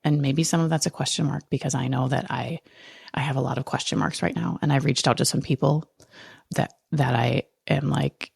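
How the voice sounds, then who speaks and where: Gravelly, husky woman venting frankly. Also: extremely low pitch, steady tone, brisk, darkish tone, no echo. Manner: raw, angry and frank, swearing often. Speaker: podcast host. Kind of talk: personal monologue.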